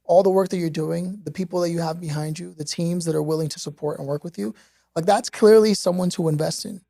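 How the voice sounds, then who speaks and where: A woman's voice: on the low side, fairly even intonation, fast, creaky, dark tone, no echo. A woman hosting a studio podcast in casual chat, encouraging the guest and saying yeah and you know often. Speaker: podcast host.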